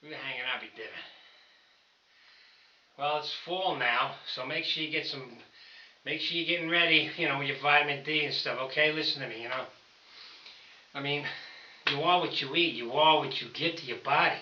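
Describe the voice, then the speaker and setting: A man's voice: a little high, fairly quick, long pauses, pushed and bright. An older man chatting casually to camera while lifting at home, rambling and folksy as he calls his viewers fellas. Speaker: home powerlifting vlogger. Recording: roomy, distant, dull camera audio.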